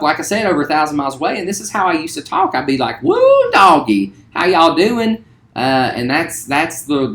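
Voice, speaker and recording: A man in his forties from West Virginia, a theater teacher introducing himself to students in a relaxed, friendly way with lots of ums. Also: fairly low pitch. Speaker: high school theater teacher. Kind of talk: recorded self-introduction to students. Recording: roomy echo.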